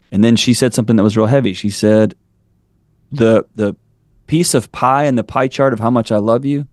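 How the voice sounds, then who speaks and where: A forties-aged man talks candidly on a podcast, telling blunt stories and ramping up his points like a preacher. His mid-range voice has a darkish tone, recorded dry and at studio quality.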